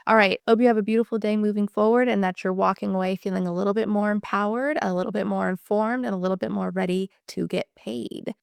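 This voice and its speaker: A woman's voice: mid-range voice, vocal fry, dry recording, studio quality. A woman employment attorney explaining legal fees straight to camera in a candid, passionate way, swearing casually.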